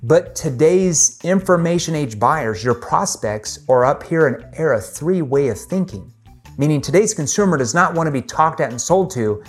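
A middle-aged man leads a sales training lesson, his voice swinging widely in pitch as he stresses key points. He speaks emphatically and breaks into acted sample questions. Faint music plays behind him. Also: expressive, moderate pace, breathy edge.

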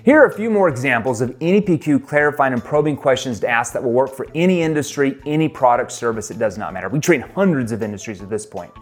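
Emphatic man teaching sales, lively pitch. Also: fast talker, few pauses. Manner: emphatic, acts out sample questions in a lively voice. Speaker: sales trainer. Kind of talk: sales training lesson.

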